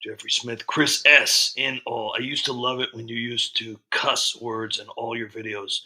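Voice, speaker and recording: A man's voice: medium pitch, flat delivery, a little slow, sharp tone. A man hosting a casual livestream, greeting viewers and reading chat comments in a rambling way. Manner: rambling, frequent ums and restarts. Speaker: livestream host.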